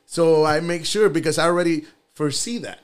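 A man, a guest on a podcast, telling a story in relaxed casual chat and repeating his phrases. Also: a little high, a little fast, clean tone.

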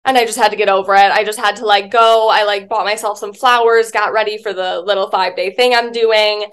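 A woman's voice: medium pitch, steady tone, a little fast, a bit bright, clear, resonant tone. A woman guest, a spiritual life coach, chatting casually in an interview, telling stories with lots of filler words and the odd swear.

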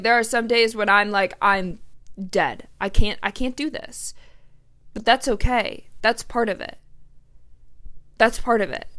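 A woman's voice: medium pitch, a bit bright, clean tone. A woman in her twenties hosting her own podcast, talking candidly and emotionally with lots of "like" and fillers. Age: 20s. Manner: chatty, emotional, heavy use of "like". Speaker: podcast host. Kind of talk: candid solo podcast monologue.

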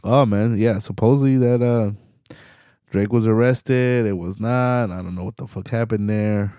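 A man's voice: on the low side, fairly even intonation, moderate pace, warm tone, no room sound, studio quality. A young adult man hosting a podcast, delivering a laid-back, slangy, profane monologue with laughs between points. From Hispanic community in the US. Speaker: podcast host.

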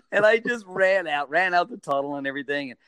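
Middle-aged man, fairly high voice, dry close sound, animated storytelling, high bursts when quoting. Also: a little fast, clear, resonant tone, no echo. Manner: animated, acts out quotes with sudden high-pitched bursts. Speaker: guest, stadium mascot performer. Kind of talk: casual storytelling.

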